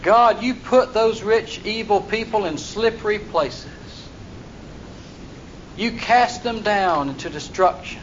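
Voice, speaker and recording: A man's voice: sits high, takes it slowly. A man preaching a sermon, reading scripture verses aloud and then explaining them in plain, folksy talk. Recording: dull lo-fi recording with faint noise.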